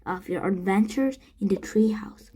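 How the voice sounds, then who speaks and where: A woman voicing a soft-spoken wise enchantress in a breathy, hushed tone. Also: mid-range voice, moderate pace, lightly acted. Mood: gentle.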